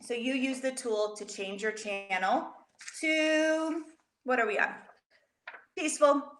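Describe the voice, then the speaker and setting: A woman leads a lesson for children, telling a story with lively, expressive delivery and talking straight to her young listeners. Her voice sits a little high. The room around her gives a noticeable echo. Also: takes it slowly, slight background noise. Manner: animated, expressive, talks directly to children. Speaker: educator teaching children. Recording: roomy echo.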